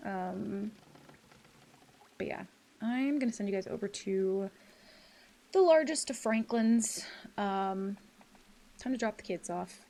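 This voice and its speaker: A woman's voice: medium pitch, darkish tone. A woman live-streaming a game, chatting casually with her viewers, swearing freely and laughing often. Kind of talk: casual live-stream chat while gaming.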